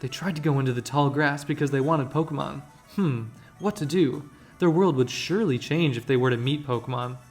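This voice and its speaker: A man's voice: mid-range voice, a little fast, a little mellow, soft background music, lightly acted. Man reading as a stern old professor. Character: stern, measured older male professor.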